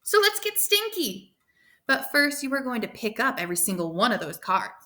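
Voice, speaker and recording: Woman reading determined demanding woman coach, storybook, firm, brisk, emphatic, bright tone. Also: mid-range voice, animated.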